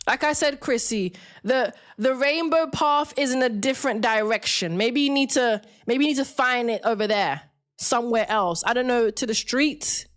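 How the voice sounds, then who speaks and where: A livestream debate host with a slightly high voice and moderate pace rants at her viewers. Her tone is confrontational, mocking, and lecturing.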